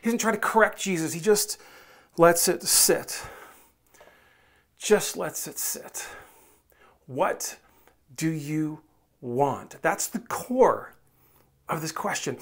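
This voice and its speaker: A pastor preaching a sermon in a relaxed, conversational way, coaxing listeners and acting out the voices they might hear in their heads. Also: mid-range voice, slow, pauses often, slightly rough. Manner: conversational, coaxing, asks the audience directly; acts out quoted inner voices.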